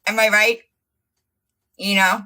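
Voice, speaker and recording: A woman's voice: medium pitch, little pitch movement, slow pace, sharp tone. A woman hosting a casual livestream, mocking and profane, laughing often and losing her voice. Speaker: livestream host.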